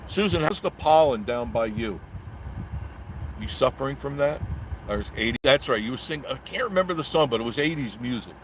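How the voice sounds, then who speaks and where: A man's voice: medium pitch, moderate pace, slight background noise. A middle-aged man hosting a casual live stream, reading viewer comments aloud and rambling through jokey banter with frequent chuckles.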